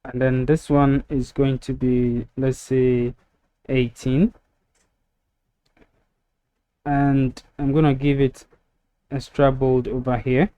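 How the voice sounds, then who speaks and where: Mellow-voiced man talking through a tutorial. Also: mid-range voice, clean tone. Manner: step-by-step, filler-heavy with frequent ums. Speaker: web design tutor. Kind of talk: screen-recorded software tutorial. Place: voice-over to a screen recording.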